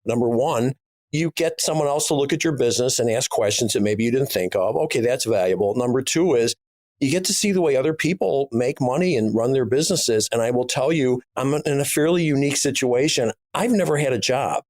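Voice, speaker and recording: A man's voice: medium pitch, lively intonation, a little fast, darkish tone, no echo, studio quality. A middle-aged man co-hosting a podcast, speaking bluntly and emphatically in a casual conversation. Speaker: podcast co-host, business owner.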